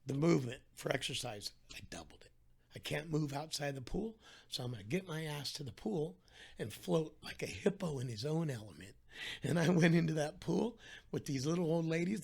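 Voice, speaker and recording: Middle-aged male guest, raspy and slightly high, animated storyteller. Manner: animated storyteller, acts out quoted voices. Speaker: guest telling his weight-loss story. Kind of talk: casual storytelling interview.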